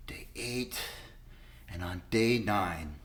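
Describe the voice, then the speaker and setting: Low-voiced and slow, with a slightly bright tone, a middle-aged man recounts his recovery in a frank, rough-edged testimony. He curses frequently and acts out past conversations as he goes.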